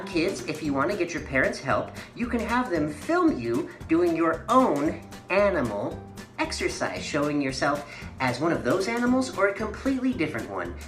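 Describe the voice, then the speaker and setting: A woman teaching children a playful mime and movement lesson, giving sing-song, encouraging instructions. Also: mid-range voice. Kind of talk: guided movement lesson for kids. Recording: echoey room with faint music.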